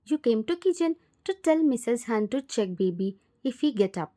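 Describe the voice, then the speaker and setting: A woman narrating a fan fiction story in second person, in a plain, steady storytelling manner. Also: a little high, normal speed, few pauses.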